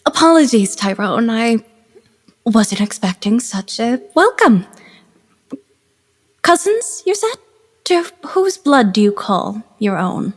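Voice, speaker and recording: A woman's voice: fairly high pitch, sing-song, slow, long pauses, full character voice. Woman doing a formal haughty vampire lady, stiff polite phrasing, reverberant room.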